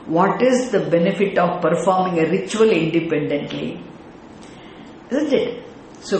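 Indian English male teacher, high voice, slow deliberate lecture, very echoey room with faint noise. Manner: animated, explains Sanskrit terms word by word with rhetorical questions. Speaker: Vedanta teacher. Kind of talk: scripture class lecture.

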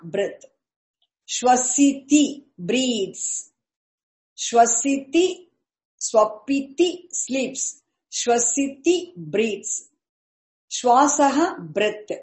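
A woman's voice: on the high side, echoey room. A woman teaching a text, reciting word by word and explaining in between. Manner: syllable-by-syllable chanting, then quick asides. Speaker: Sanskrit teacher.

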